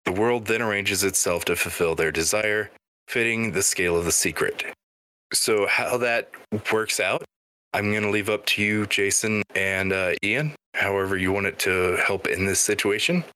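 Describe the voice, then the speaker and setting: A man's voice: fairly low pitch, moderate pace, bright, forceful tone. A man playing in a tabletop game, chatting casually with stammers. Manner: stammering, laughing asides. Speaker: player.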